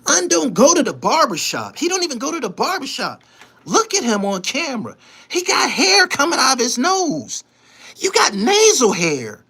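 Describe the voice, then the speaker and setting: A man's voice: very high voice, wildly swooping pitch, normal speed, pushed and bright, husky. A man hosting his own show, delivering a heated, boastful, profane monologue and repeating himself for emphasis. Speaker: show host. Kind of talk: angry monologue to camera.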